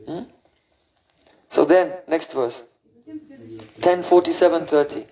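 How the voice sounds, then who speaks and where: A man giving a spiritual lecture on scripture. He chants verses slowly and often pauses to ask his listeners "hmm?". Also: fairly high pitch, mellow, low-quality recording. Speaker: spiritual teacher.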